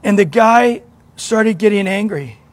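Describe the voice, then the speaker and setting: An earnest male pastor with a high voice, preaching to his congregation. He asks question after question and often repeats a word before going on. The sound is dry and close. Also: animated, unhurried, dry recording. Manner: earnest, questioning, repeats words when starting. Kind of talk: sermon.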